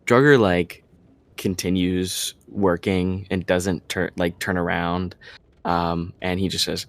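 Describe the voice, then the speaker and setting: A man's voice: low-pitched, flat delivery, takes it slowly. A man playing a tabletop game who describes his character's actions in a laid-back way with fillers. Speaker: player. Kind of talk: casual tabletop game play.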